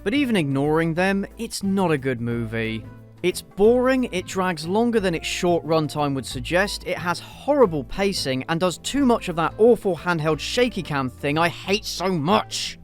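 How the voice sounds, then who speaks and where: A man's voice: high voice, big pitch swings, normal speed, soft background music. A man hosting a scripted commentary review, blunt, sarcastic and openly profane. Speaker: video essay host.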